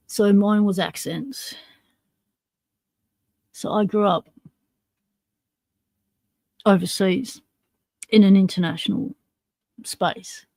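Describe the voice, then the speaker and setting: A woman's voice: medium pitch, vocal fry, a little mellow, dry recording. A woman hosting a casual livestream, chatting in a rambling way and laughing often. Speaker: livestream host.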